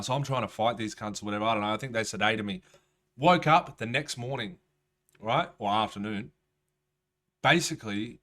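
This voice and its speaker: A man's voice: mid-range voice, fairly bright tone. A man, a rapper telling a rambling, profane story in casual storytelling style. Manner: profane, rambling, streetwise slang.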